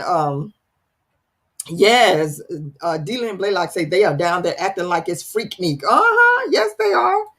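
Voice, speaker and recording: Woman host, casual livestream chat, playful and teasing, animated pitch, slightly breathy. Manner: playful, teasing, dramatic, laughs often. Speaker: live stream host reading viewer comments.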